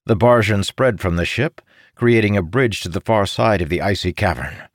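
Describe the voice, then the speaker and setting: A man narrating a fantasy audiobook in a steady, measured reading. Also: on the low side, no echo, clean studio sound.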